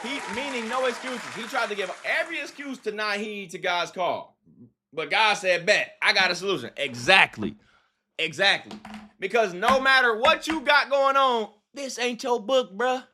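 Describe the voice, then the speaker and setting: A man leading a casual Bible study livestream, reading scripture and retelling it in animated slang. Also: high-pitched, normal speed, a crowd in the background, background noise.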